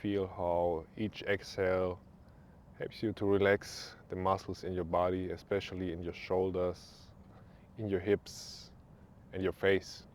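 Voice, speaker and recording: A young man with a German accent leading a guided stretching class in a calm, easygoing way with small joking asides. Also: deep voice, measured pace, slight background noise. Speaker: yoga instructor.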